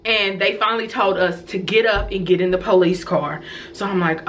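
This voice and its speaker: Lively, bright-voiced woman telling a story. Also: mid-range voice, moderate pace. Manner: animated, laughing storyteller. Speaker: storytelling vlogger. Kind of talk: casual storytime.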